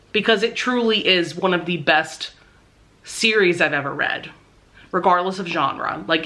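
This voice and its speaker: A young woman vlogging casually about a book she loves, gushing and excitable, swearing freely. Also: fairly low pitch. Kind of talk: casual reading vlog.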